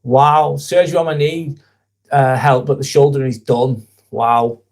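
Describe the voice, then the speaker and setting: A man's voice: mid-range voice, steady tone, unhurried, darkish tone. A young man hosts a casual live vlog, talking in an earnest, rambling way and swearing casually. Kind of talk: casual live-stream chat.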